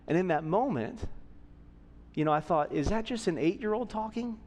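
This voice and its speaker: A man's voice: fairly high pitch, animated, moderate pace, darkish tone, long reverb tail, slight background noise. A man in his thirties preaching a sermon as a pastor, conversational and often checking in with the audience. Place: church auditorium.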